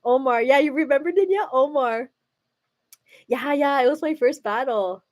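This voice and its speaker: Here a young American woman hosts a livestream, chatting easily with the people watching and leaning on "like" and "girl" again and again. Her voice sits high, and her pace is moderate.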